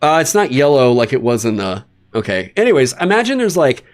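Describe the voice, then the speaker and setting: A man chatting on a livestream, his pitch swinging widely as he rants with exasperated, profane asides. His voice sits at an ordinary middle pitch. Faint music plays softly behind him. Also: very animated, fairly quick. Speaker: streamer hosting a dungeon design stream. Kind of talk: casual livestream chat.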